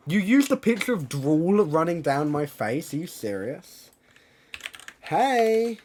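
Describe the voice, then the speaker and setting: A male streamer chatting casually on a live stream, swearing often and breaking into loud exclamations. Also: fairly high pitch, sing-song, slow pace, a little hiss or hum.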